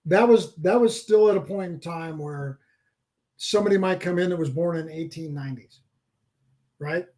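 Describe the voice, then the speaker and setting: A man's voice: fairly high pitch, moderate pace, dark tone. A middle-aged man animatedly telling a story as a podcast guest, often repeating words as he builds up to the point. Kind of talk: casual storytelling.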